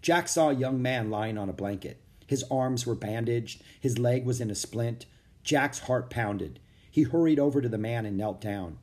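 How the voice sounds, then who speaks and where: Guy reading a kids' chapter book, steady storytelling. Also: mid-range voice, moderate pace. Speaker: narrator. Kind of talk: audiobook narration.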